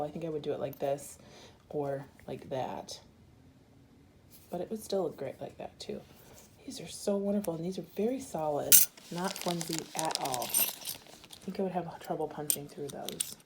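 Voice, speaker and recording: A woman's voice: low-pitched, expressive, moderate pace, background noise. A woman from Arizona chatting casually through an unboxing for her viewers, gushing and giggling as she talks. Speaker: bead crafting vlogger.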